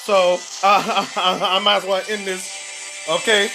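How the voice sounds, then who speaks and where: A man's voice: high voice, flat delivery, measured pace, gravelly, over music. A man hosting a casual livestream who is out of breath, joking at his own expense and talking straight to his viewers. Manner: joking, self-mocking, addresses viewers as y'all. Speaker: livestream host.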